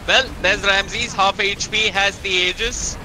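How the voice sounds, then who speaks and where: A man casting a live esports match, excitable play-by-play that climbs during big fights. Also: sits high, unhurried, background noise. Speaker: esports caster. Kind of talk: live game commentary.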